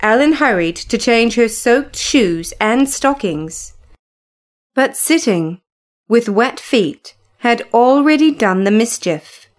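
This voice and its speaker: A woman narrating a classic story in a measured, even reading voice. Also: a little high.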